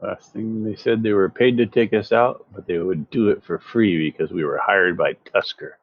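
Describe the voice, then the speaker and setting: Deep man on a dull, dry line. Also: moderate pace, no room sound. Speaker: player. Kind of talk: tabletop game chat.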